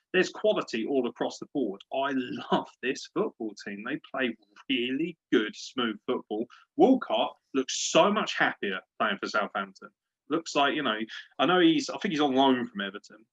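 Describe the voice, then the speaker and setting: Man, sports podcast host, husky voice, profane fired-up rant, dull lo-fi sound. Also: medium pitch, bright, forceful tone.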